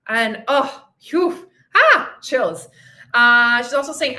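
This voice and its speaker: High, bright and forceful, this woman's voice moves at a slow, animated pace. She's a fitness coach and podcast host running a casual livestream chat, effusive and emotional, laughing often and swearing freely.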